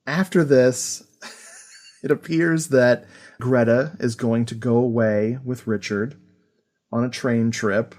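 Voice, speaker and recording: A man hosting a podcast, chatting casually about an old film, animated and full of fillers and laughter. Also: mid-range voice, takes it slowly. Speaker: podcast host. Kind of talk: casual film review chat.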